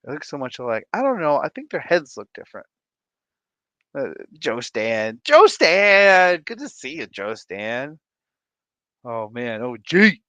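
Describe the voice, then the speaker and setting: A man's voice: medium pitch, sing-song, measured pace, pauses often, fairly bright tone, no room sound, dull audio. A man in his thirties hosting a casual live stream, playful and sing-song as he greets viewers by name, sounding tired. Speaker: livestream host.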